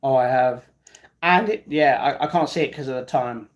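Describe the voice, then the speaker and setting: A man hosts a live stream, casually reading viewer comments aloud and bantering back at them. His voice is medium-pitched with a moderate pace.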